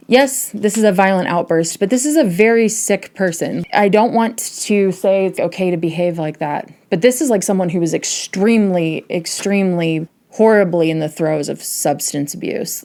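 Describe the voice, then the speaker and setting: A woman's voice: on the low side, a little mellow. A woman hosting a history video, reading from a memoir and adding rambling, casual commentary.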